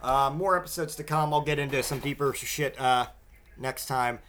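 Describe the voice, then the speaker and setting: A man's voice: medium pitch, moderate pace, a bit bright, slight background noise. A man hosting his own podcast, ranting in a casual comedic way and swearing almost every other word. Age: adult father. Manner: profane, rambling, swears constantly. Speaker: podcast host.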